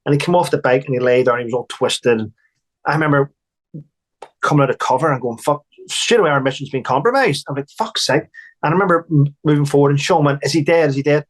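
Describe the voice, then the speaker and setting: A man's voice: a little high, fast talker. A man, an army veteran, recounting war stories bluntly and emphatically, swearing and restarting.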